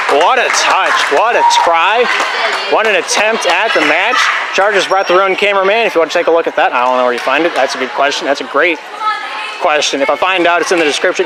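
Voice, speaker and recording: Young man, volleyball commentator, high voice, jokey asides, slightly breathless, loud gym noise. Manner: jokey, rambling asides between rapid play calls. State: a bit out of breath. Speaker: play-by-play announcer. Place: school gym.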